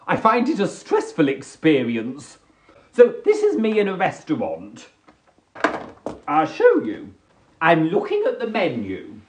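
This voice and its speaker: A man doing a chatty live comedy monologue from his sofa, camp and theatrical, jumping into high squealing voices when he quotes people. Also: wildly swooping pitch, unhurried, roomy sound. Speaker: comedy livestreamer. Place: home, on a sofa.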